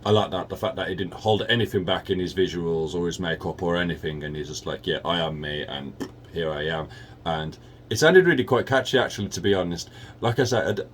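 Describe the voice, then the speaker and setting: A man's voice: deep voice, a little hiss or hum. A British man hosting a reaction video, rambling in a chatty way with lots of "like". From United Kingdom. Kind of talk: casual reaction commentary.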